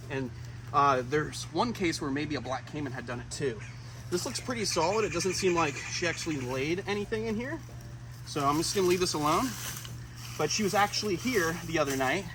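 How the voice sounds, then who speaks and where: Excitable man vlogging with wildlife outdoors. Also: on the high side, fairly quick, background noise. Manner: excited, talks to the animals. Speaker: wildlife vlogger and zoo keeper. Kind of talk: casual outdoor vlog narration. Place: outdoors at animal enclosures and a pond.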